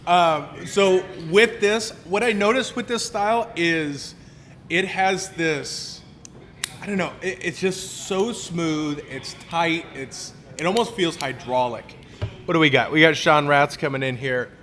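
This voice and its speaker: A man with a slightly high voice keeps a casual livestream going, greeting viewers by name and laughing often. A faint low rumble runs under the sound. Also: a little slow, fairly bright tone. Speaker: cigar shop co-host.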